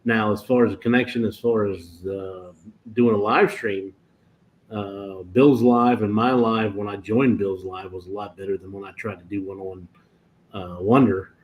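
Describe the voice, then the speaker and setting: Speaking at a moderate pace with fairly low pitch and fairly even intonation, a man rambles casually on a livestream about cruise internet plans. He tells it like a self-correcting storyteller, and the dull lo-fi stream audio carries faint noise.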